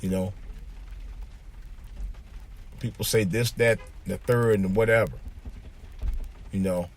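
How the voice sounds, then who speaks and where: A man's voice: on the low side, steady tone, takes it slowly. A man hosting his own podcast, talking casually from his car. He rambles and repeats himself, with plenty of fillers. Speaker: podcast host. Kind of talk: casual monologue. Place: in a car, driving.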